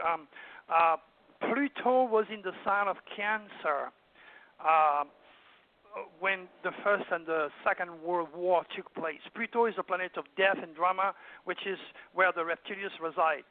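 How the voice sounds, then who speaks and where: An older man from France with a French accent, speaking as an astrologer guest on a radio call-in show, lecturing emphatically and rambling with plenty of fillers. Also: high-pitched. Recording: dry, tinny phone line.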